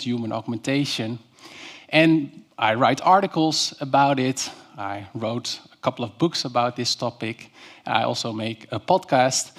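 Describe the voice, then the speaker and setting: A man's voice: medium pitch, fairly bright tone. A man gives a keynote presentation in a university lecture hall, telling stories and putting questions to the audience. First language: Dutch. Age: 30s. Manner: storytelling, engaging the audience with questions. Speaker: keynote speaker.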